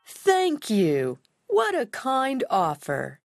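Storybook old man, woman reader doing him: gentle, grateful, slow and tired. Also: on the high side, wildly swooping pitch, vocal fry, no echo, clean studio sound, heavily acted. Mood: polite.

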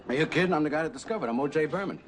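A man's voice: on the high side, racing, faint music behind, close to an everyday voice. An actor playing a brash, chummy, middle-aged male talent agent who rambles and calls everyone baby, in film dialogue. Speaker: Hollywood agent character.

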